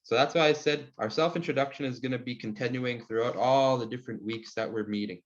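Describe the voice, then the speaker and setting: A man teaching an online language class, answering questions in a relaxed, friendly way with many fillers. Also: medium pitch, fast talker. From Saskatchewan, Canada. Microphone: video call. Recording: muffled video call audio.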